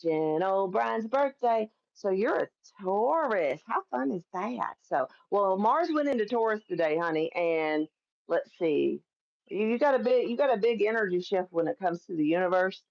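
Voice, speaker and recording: On her casual political live stream, a woman from Kentucky chats emphatically, laughs often, and swears without restraint. Her voice is mid-range and gravelly with lively intonation, moving at normal speed. A phone or camera records it, and the audio sounds dull.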